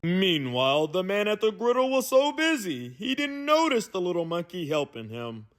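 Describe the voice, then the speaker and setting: A man reading a children's picture book aloud with expressive delivery and playful slang asides. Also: sits high, normal speed. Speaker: read-aloud narrator.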